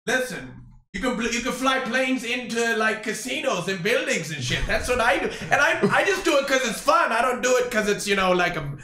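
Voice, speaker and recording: Give me a high, bright, joking man in a roomy space. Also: lively intonation, fairly quick, hardly any pauses. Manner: joking, rambling, with hesitant fillers. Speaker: stream guest. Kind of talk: casual chat.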